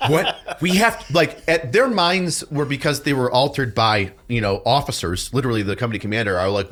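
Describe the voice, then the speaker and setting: A man tells stories as a podcast guest, his voice swinging widely in pitch. He swears freely and gets loud when he quotes other people. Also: brisk. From New York. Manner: animated, profane, shouts when quoting others. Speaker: podcast guest, police detective and drill sergeant. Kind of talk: casual storytelling.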